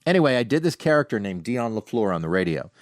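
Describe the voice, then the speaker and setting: A middle-aged man hosting a podcast, casually telling animated anecdotes from home with frequent restarts. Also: lowish voice, fast, no echo, studio quality. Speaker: podcast host. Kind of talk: casual storytelling monologue. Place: home, sitting on a couch.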